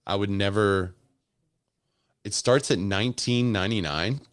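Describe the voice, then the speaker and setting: Low-voiced man musing through live commentary. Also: a little slow, no echo, clean studio sound. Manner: casual, musing, chats with viewers in comments. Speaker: host. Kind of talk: live commentary on a keynote stream.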